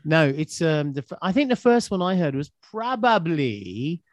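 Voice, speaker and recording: Playful man with a lively, bouncy voice. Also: fairly high pitch, normal speed. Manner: playful, breaks into humming and song. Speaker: singer and guest. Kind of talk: casual chat on a video call. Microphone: video call.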